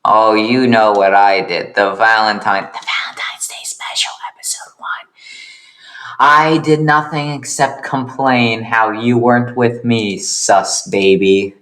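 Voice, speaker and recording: A man's voice: lowish voice, fairly even intonation, takes it slowly, hardly any pauses, a bit bright, reverberant. A man voicing a bitter, self-pitying young man with no friends, talking in a sulky, sarcastic way in an improvised comedic character voice. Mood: defensive.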